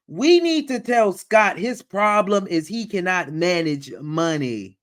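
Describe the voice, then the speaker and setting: A man's voice: high voice, lively intonation, slow pace, few pauses, fairly bright tone. A man hosting a livestream who reacts to a video in casual, exasperated commentary. He talks in a way, repeats phrases and mocks the voices he quotes.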